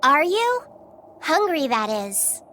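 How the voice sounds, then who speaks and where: A gentle young boy, voiced by a woman, speaks in a high, soft voice at a slow, careful pace. His manner is earnest and polite. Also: sing-song, a little hiss or hum, heavily acted. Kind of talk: game voice acting.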